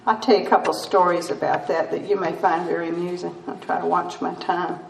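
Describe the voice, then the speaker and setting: A woman's voice: on the low side, flat delivery, brisk, vocal fry. An older woman speaking at a recovery meeting, telling her story with self-mocking humor and laughs. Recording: roomy distant mic with faint noise.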